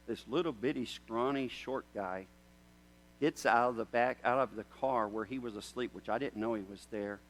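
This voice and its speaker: A man preaching a sermon. He tells a story in a conversational way, then builds to loud, emphatic questions. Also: medium pitch, normal speed, slight background noise, rough recording. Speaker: pastor.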